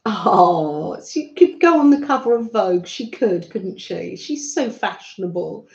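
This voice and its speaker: British woman, craft-stream host, unhurried friendly chatter, roomy slightly muffled home recording. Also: mid-range voice, lively intonation, creaky. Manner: warm, chatty, talks to viewers by name, frequent soft laughs. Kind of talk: chatty live craft stream, greeting viewers. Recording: roomy, slightly dull sound.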